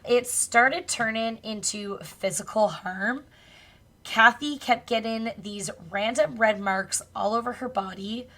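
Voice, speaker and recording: A woman's voice: fairly high pitch, slow, fairly bright tone. A woman co-hosting a podcast, casually retelling a spooky true story with loose swearing and laughs. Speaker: podcast co-host.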